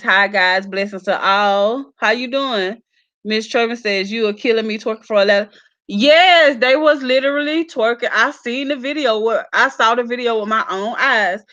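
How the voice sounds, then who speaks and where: On her live stream, a YouTube gossip vlogger from South Carolina reads viewers' comments aloud, laughing with them in casual chat. Her voice is a little high and fairly bright, and the recording sounds muffled.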